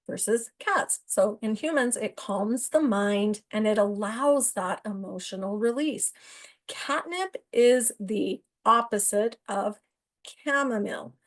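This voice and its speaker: Chatty woman host, a touch high. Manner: chatty, rambling, self-interrupting. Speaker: astrology podcast host. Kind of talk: casual talk to viewers.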